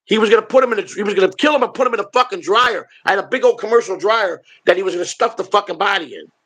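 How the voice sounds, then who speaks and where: A man's voice: high-pitched, racing, a bit bright. A man hosting a live stream, telling stories in a rambling, blunt and profane way. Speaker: streamer and show host. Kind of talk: casual storytelling on a live stream.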